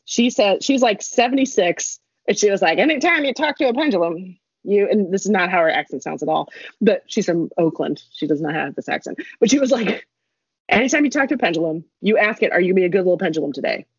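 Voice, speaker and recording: A woman's voice: fairly low pitch, animated, fast, husky, no room sound. A young woman telling a rambling story in casual chat, laughing and adding asides as she goes. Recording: dull lo-fi dry recording.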